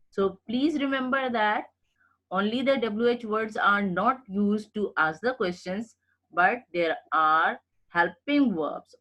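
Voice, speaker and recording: An English teacher with a mid-range, fairly bright voice gives a recorded grammar lecture. She explains patiently, repeats her points and often checks in with "okay?".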